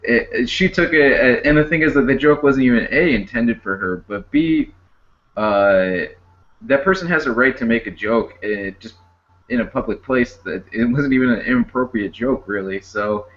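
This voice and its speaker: A man's voice: medium pitch, moderate pace, fairly bright tone, lo-fi sound. A man co-hosting a casual discussion podcast, rambling with many fillers and restarts. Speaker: podcast co-host.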